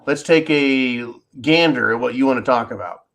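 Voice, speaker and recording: A man's voice: mid-range voice, moderate pace, creaky, a bit bright. A man hosting a solo commentary show, talking in an indignant, emphatic way and repeating words when stirred up. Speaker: political commentary host.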